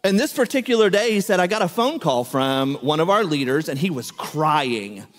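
Male preacher, fairly high voice, animated storyteller, big echoey hall. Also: normal speed. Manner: animated storyteller, acts out quoted speech. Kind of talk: sermon storytelling.

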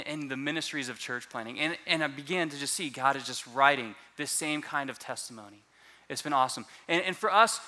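Bright-voiced pastor telling a story. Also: male voice, fairly high pitch. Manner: animated storytelling, repeats words when restarting. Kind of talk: sermon testimony.

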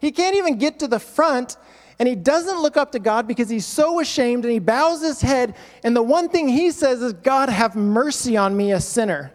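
A man's voice: very high voice, expressive, normal speed, big-room sound. A male pastor preaching a sermon, acting out quoted voices with emphatic repetition.

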